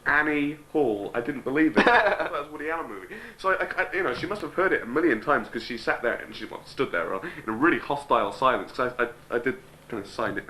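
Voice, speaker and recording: A man's voice: mid-range voice, animated, fast, hardly any pauses, bright, forceful tone, echoey room, low-quality recording. A man, telling rambling stories and teasing a friend with dry jokes in a casual chat on home video.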